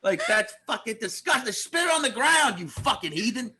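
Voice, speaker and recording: Man, comedy podcast guest, profane riffing, husky, bright tone. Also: very high voice, sing-song, normal speed. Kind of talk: casual comedy podcast chat.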